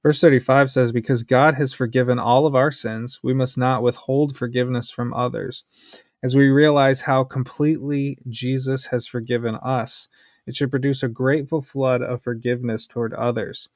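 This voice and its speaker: A man with a New York accent hosting a casual bible study podcast, reading scripture aloud and talking it over in a blunt, forceful way. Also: medium pitch, steady tone, normal speed, no room sound, clean studio sound.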